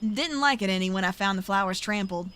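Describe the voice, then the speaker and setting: A woman voicing a gruff male park groundskeeper in a put-on American Southern accent, reading game dialogue aloud with a guarded drawl. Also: medium pitch, brisk, fairly bright tone, a little hiss or hum, lightly acted.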